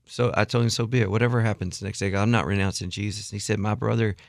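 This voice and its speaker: A middle-aged man telling a story in a radio studio interview, animated and acting out the people he quotes. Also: fairly low pitch, racing, gravelly, no room sound. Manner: animated storyteller, acts out quotes, laughs often. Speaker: guest songwriter.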